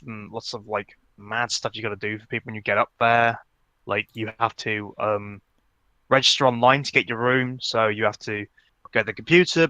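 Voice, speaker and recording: A podcast co-host chews gum while chatting casually about a game, rambling with lots of fillers and restarts. His voice is on the low side, smooth with a sharp tone, in a dry recording.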